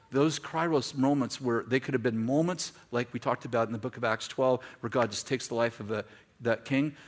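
A man preaching a sermon to a congregation, telling stories with quoted dialogue and building to shouted, repeated lines. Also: mid-range voice. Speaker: pastor. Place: church in front of a congregation.

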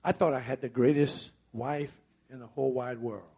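A man's voice: mid-range voice, steady tone, moderate pace, creaky, mellow, breathy edge. A middle-aged man preaching a sermon in a conversational storytelling way, slipping into the voices of the people he tells about.

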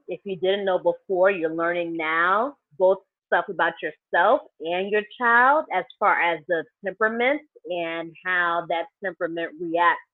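Lower-voiced woman on a tinny line. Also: no echo. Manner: affirming, sums things up thoughtfully. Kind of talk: casual podcast conversation.

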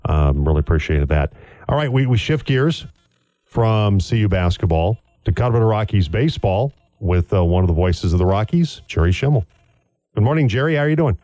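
A man's voice: fairly low pitch, animated, brisk, dark tone, no echo. A man hosting a sports radio talk show, chatting easily with guests in a studio. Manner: easygoing, with frequent fillers. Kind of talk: casual sports radio chat. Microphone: studio microphone.

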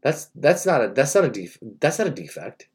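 A man's voice: mid-range voice, very animated, a little fast, breathy edge. A young man giving a rambling, mock-earnest comedic monologue and interrupting himself often.

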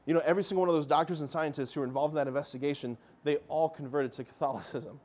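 A man giving a lively Catholic faith talk, telling miracle stories with animation and calling his listeners "guys". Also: on the high side, racing, hardly any pauses. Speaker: Catholic speaker.

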